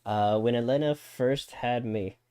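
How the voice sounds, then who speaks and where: A man's voice: mid-range voice, measured pace, mellow, clean tone, no echo. A man co-hosting a live podcast, chatting casually and repeating words as he talks. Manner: chatty, stammers and repeats words, reads chat aloud. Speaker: podcast co-host. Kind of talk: casual live-stream chat.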